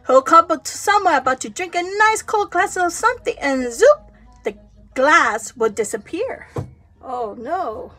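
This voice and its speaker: In a high-pitched voice, a woman narrates a children's story expressively, acting out the characters' voices and making the sound effects herself.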